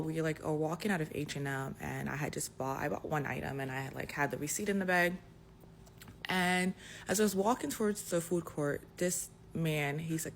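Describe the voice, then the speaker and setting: A young adult woman casually telling a personal story, animated and dotted with "like" fillers. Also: low voice, gravelly, slight background noise. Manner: animated retelling, full of "like" fillers. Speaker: storyteller in a clip.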